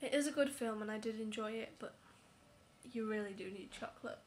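A woman's voice: a little high, a little fast, slight background noise. A young woman giving a casual movie review vlog, chatty and apologetic, often dropping to a whisper for asides. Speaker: vlogger.

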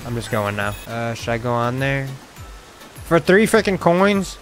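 A young man streaming a video game, reacting with slangy, excitable commentary and sudden loud outbursts. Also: medium pitch, unhurried, music in the background. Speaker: gaming streamer. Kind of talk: let's play commentary.

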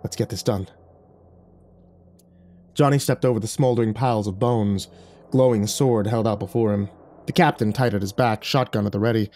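A man giving scripted narration of a horror story with measured, dramatic storytelling. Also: on the low side, steady tone, a little mellow.

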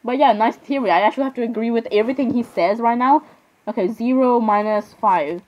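On a lo-fi recording, a woman with a highish voice talks fairly quickly while playing a horror game. She keeps up a chatty let's-play, laughing a lot, saying sorry often, and addressing the characters on screen.

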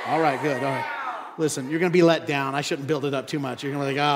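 A pastor preaching a sermon in a church, animated and repeating phrases for emphasis. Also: male voice, mid-range voice, fast, big-room sound, a little hiss or hum. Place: church sanctuary.

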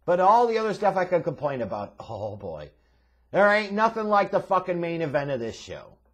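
A man's voice: sits high, very animated, normal speed. A man reviewing a wrestling show in a profane, sarcastic, exasperated rant. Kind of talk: ranting video review.

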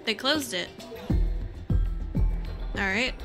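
A woman's voice: a little high, animated, drawn-out words, over music. A woman streaming a game playthrough, playful and cutesy, chatting to chat and meowing at characters.

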